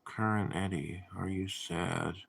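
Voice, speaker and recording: A man hosting a casual livestream, reading viewer comments aloud and answering them in a deadpan, drowsy way. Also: sits low, slow, vocal fry, breathy edge. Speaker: livestream host.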